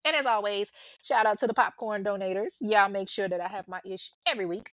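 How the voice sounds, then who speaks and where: Speaking fairly quickly in a medium-pitched voice, a true crime podcast host chats informally with her listeners and wraps up with an outro. She's blunt, curses freely, and addresses them as y'all, all in a dry recording.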